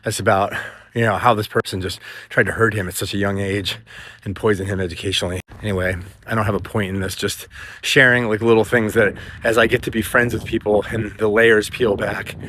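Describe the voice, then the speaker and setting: A middle-aged man from the United States tells a story in a loose, digressive way, full of fillers and side remarks. His voice sits a little low. He is recorded outdoors, with a faint wind in the background. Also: steady tone, brisk, sharp tone. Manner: rambling, digressive, with frequent fillers and asides. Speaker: vlogger. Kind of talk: casual storytelling vlog. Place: outdoors in a windy town. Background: faint wind noise.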